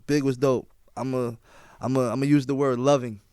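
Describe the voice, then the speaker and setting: A man's voice: mid-range voice, flat delivery, brisk, mellow, clear, resonant tone, no room sound, studio quality. A young man, a DJ being interviewed on a podcast, telling stories in casual slang and often asking "you feel what I'm saying?". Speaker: guest DJ.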